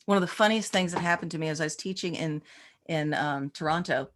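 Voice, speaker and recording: In a relaxed interview, a female practitioner and teacher spins animated anecdotes, voicing the people she quotes and frequently starting over. She speaks quickly in a low voice.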